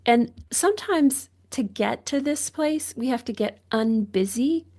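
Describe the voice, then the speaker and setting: With a fairly high, animated voice and a slightly slow pace, a female doctor reflects aloud during a podcast conversation. Her speech is searching and considered, full of restarts and gentle laughter.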